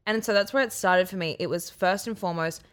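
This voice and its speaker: A woman's voice: on the low side, fast. A young woman co-hosting a podcast, talking candidly and animatedly in casual chat, often mocking herself. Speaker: podcast co-host.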